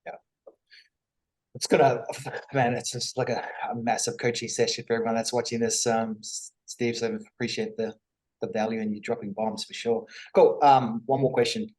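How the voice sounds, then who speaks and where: A man's voice: mid-range voice, little pitch movement, moderate pace, a little mellow, poor audio. A man hosting a podcast, asking questions in an enthusiastic, somewhat hesitant way. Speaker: podcast host. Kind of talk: podcast interview.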